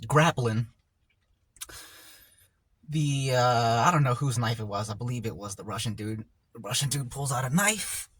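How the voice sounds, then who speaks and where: A mukbang vlogger eats on camera while telling a story in a laid-back, rambling way, full of slang and often trailing off mid-thought. His medium-pitched voice is a bit bright and slightly rough, with no room sound.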